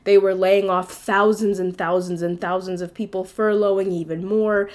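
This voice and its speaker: A woman's voice: medium pitch, little pitch movement, moderate pace, darkish tone. A woman hosting a podcast, telling a personal story in a candid, conversational way with casual swearing. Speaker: podcast host.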